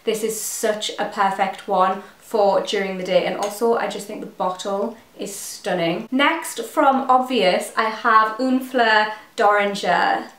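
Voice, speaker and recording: A woman's voice: medium pitch, a little slow, few pauses, fairly bright tone, reverberant. An English woman vlogger reviewing fragrances to camera, gushing and enthusiastic as she lists scent notes one by one. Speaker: beauty vlogger.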